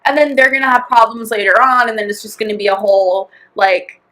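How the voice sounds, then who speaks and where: Speaking briskly in a slightly high, steady voice that sounds pushed and bright, this young female podcast co-host rambles through a lengthy story, laughing, peppering it with "like," and performing the quoted lines.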